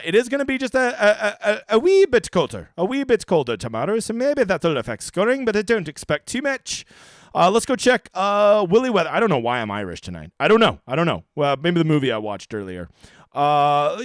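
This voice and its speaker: A man hosting a fantasy golf strategy breakdown in a loose, fast, profane way, with quick side remarks. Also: high voice, fairly bright tone, dry recording, studio quality. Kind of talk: casual screen-share breakdown.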